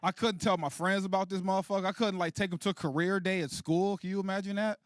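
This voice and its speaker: A man in his late thirties doing a stand-up comedy set, animated and profane, laughing at his own jokes. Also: high voice, fast, dry recording, studio quality. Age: 30s. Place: comedy stage.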